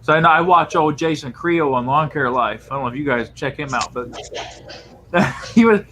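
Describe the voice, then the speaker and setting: Chatty higher-voiced man, faint noise. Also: normal speed, bright, forceful tone. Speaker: guest lawn care worker. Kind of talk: casual live-stream chat.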